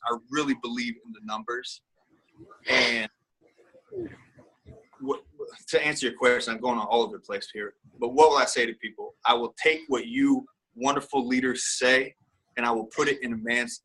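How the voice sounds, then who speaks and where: A man's voice: mid-range voice, pushed and bright, slightly rough. A man speaking as a guest in a casual interview, rambling and candid, with lots of fillers and restarts.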